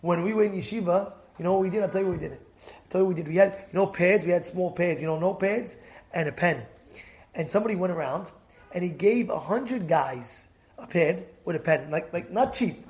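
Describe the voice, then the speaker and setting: Animated high-voiced man teaching Torah. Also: a little fast. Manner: animated storytelling, mixes Hebrew terms, asks the listeners questions. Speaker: rabbi teaching a Torah class. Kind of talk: lively Torah class talk.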